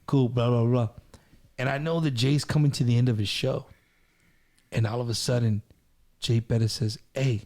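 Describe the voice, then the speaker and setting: A man's voice: mid-range voice, steady tone, moderate pace, pauses often, a little mellow. A man hosting a group talk show, telling a long story in a rambling, profane way, repeating himself often. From Texas. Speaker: host. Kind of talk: loud storytelling in group chat.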